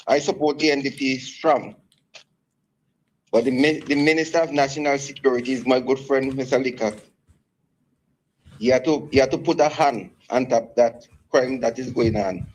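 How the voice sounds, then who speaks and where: A man calling in to a radio show by phone, rambling and halting with many restarts. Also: mid-range voice, a little mellow, rough recording. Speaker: caller. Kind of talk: call-in radio talk.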